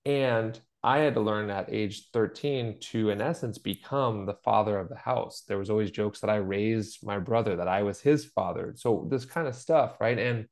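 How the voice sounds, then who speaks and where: A middle-aged man with a fairly low voice talks in an open, earnest way on a podcast. He tells stories from his own life and acts out what other people said to him. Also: moderate pace, hardly any pauses, darkish tone. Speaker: podcast co-host. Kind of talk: conversational podcast chat.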